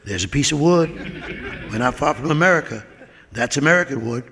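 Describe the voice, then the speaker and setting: A man's voice: mid-range voice, animated, a little fast, bright, forceful tone, in a large hall, slight background noise. A man voicing a brash, boastful male explorer captain who talks in a cocky, slangy way, on a live stage recording. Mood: excited.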